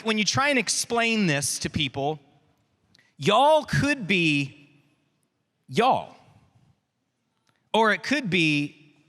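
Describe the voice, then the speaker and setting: A man with a Texan accent giving an energetic youth conference talk, drawing out words and calling out to the crowd. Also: sits high. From Texas. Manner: animated, draws out words for emphasis, calls out to the crowd. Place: large hall. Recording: long hall reverb from a big venue.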